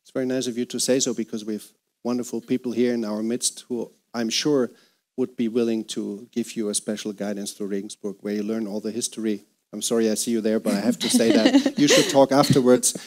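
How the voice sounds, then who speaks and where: A man's voice: fairly low pitch, fairly quick, a little mellow. A man from Germany moderating a group discussion, chatty and friendly, laughing as he talks.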